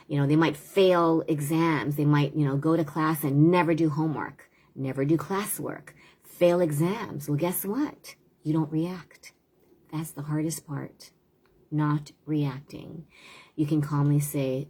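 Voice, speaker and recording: Woman, tutor type, low husky voice, earnest casual live-stream advice. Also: measured pace, mellow. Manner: earnest, conversational, often asks "right?". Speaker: tutor and parenting speaker.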